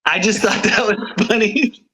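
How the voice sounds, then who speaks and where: A man's voice: high-pitched, steady tone, unhurried, a crowd in the background, poor audio. A man from New England, the guest frontman of a rock band, chatting casually and laughing often. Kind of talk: casual chat.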